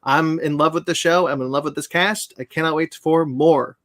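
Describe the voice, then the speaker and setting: A man's voice: a little high, steady tone, normal speed, fairly bright tone. A man hosting a casual podcast chat, enthusiastic and giggly as he runs through the segments. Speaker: podcast host.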